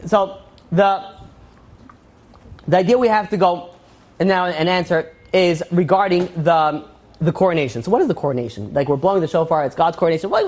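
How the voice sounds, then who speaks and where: A man's voice: sits high, a little mellow. A male rabbi giving an informal Torah class, telling parables in a rambling way full of "you know" and acting out the characters' lines. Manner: rambling storyteller, many fillers, acts out quotes.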